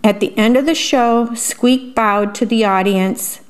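Picture-book reader: woman, slow, a little high, chatty about the pictures. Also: steady tone. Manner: describes the pictures in a chatty aside. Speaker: storyteller. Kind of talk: reading a picture book aloud.

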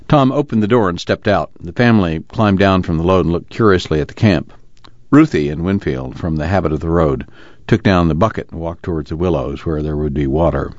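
A man reading a novel aloud in steady, measured scripted narration. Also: low-pitched, no room sound. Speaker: audiobook narrator. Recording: dull lo-fi recording.

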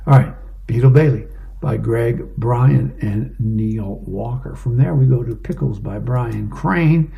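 A man's voice: mid-range voice, takes it slowly, creaky, narrow, tinny audio. A man casually reading an advice column and newspaper comics aloud, describing each panel with small fillers.

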